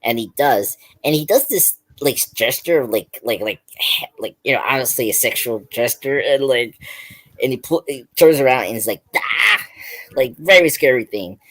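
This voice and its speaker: A man's voice: medium pitch, lively intonation, normal speed, a bit bright. A man hosting a pop culture stream, retelling a film's scenes in a loose, rambling way with lots of "like" and restarts. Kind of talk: casual film review chat.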